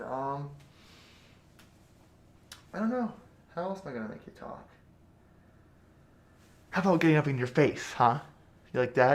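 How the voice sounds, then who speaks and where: A man acting as a crude, menacing bandit captor in a 3D audio role-play, swinging between close whispers and loud taunts. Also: medium pitch, reverberant, a little hiss or hum. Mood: taunting.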